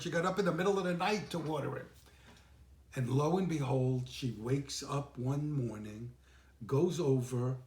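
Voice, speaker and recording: A man giving a sermon as senior minister, telling stories gently and unhurriedly with reflective pauses. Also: fairly high pitch. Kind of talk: sermon with storytelling. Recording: echoey room.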